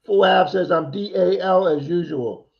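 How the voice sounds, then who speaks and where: A man's voice: high-pitched, a little slow, vocal fry, dull audio. A man co-hosting a casual livestream, chatty and teasing as he reads out viewer names. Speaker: livestream co-host.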